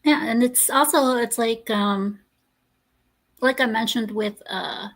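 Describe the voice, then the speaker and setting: A woman hosting a podcast, talking in a blunt, ranting way full of fillers and the odd curse. Her voice sits a little high for a woman. It is casual chat with guests. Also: slow pace. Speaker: podcast host.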